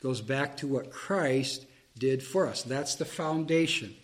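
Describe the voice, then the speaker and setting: A man's voice: medium pitch, slow pace. A man preaching a Bible-teaching sermon, reading verses aloud and explaining them plainly, with fillers and restarts.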